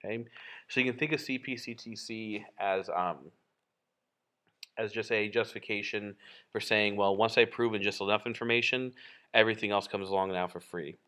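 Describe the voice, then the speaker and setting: A man's voice: lowish voice, steady tone, moderate pace, sharp tone. A man teaching a geometry lesson while drawing, in a casual, explanatory way with frequent fillers and self-corrections. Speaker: math teacher.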